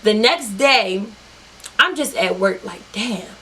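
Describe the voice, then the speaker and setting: A young woman telling a story to her viewers in an animated, profane, talk-straight-to-you way. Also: medium pitch, slow, a little hiss or hum. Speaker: vlogger. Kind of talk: storytime vlog.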